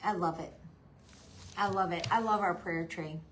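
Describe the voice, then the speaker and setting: A woman hosting a live craft stream, chatting softly to viewers by name and gushing over the decorations. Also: fairly low pitch, steady tone, moderate pace, background noise. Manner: hushed, half-whispering. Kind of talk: casual live-stream chat.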